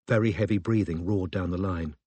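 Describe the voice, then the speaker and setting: A man reading an audiobook in a steady, measured storytelling manner. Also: low-pitched, husky, dry recording. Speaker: audiobook narrator. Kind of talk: scripted audiobook narration.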